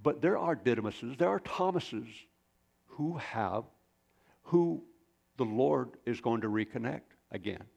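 Gravelly-voiced man preaching a sermon. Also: medium pitch, animated, a little slow, a little mellow, lo-fi sound. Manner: folksy storytelling with rambling asides. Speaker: pastor.

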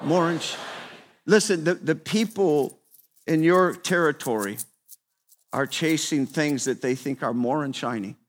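A man in his fifties preaching a sermon to a room, conversational and repetitive, swinging between quiet asides and emphatic, raised exhortation. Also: fairly high pitch, measured pace. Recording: long reverb of a large hall.

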